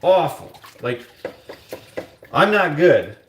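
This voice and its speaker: A Canadian livestream host chats in a rambling, jokey way, reading viewer comments aloud with jokey asides and mock-singing in a high voice. He's very animated but takes it slowly, in a reverberant space with slight background noise.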